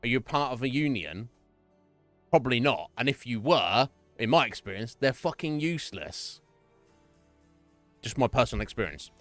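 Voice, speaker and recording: A man streaming live and chatting casually with viewers, chatty and profane and quick to laugh, from a home setup. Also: mid-range voice, expressive, no echo, soft background music. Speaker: Twitch streamer.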